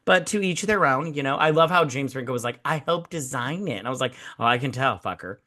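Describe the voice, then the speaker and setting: A man's voice: a little high, quick pace, bright, forceful tone. A man hosting a casual movie-review podcast, rambling and swearing, acting out people in mocking quoted voices. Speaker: podcast host. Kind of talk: casual drinking-show movie chat.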